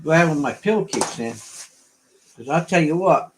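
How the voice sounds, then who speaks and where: A man's voice: on the high side, lively intonation, slow, slight background noise. An older man rambling casually as he hosts a livestream auction and chats with viewers. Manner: rambling, folksy, chatting with viewers.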